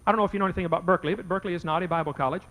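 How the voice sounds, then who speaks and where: A man's voice: high-pitched, fairly even intonation, very fast, fairly bright tone, low-quality recording. A man debating before a live audience, telling a folksy story and acting out both sides of a conversation. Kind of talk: anecdote told to a live audience.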